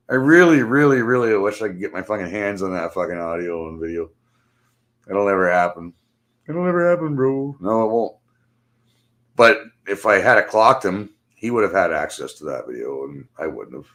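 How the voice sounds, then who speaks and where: A man's voice: on the low side, expressive, moderate pace, fairly bright tone. A middle-aged man, ranting bluntly and angrily. He swears constantly and ends his phrases with "man". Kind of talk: profane ranting monologue.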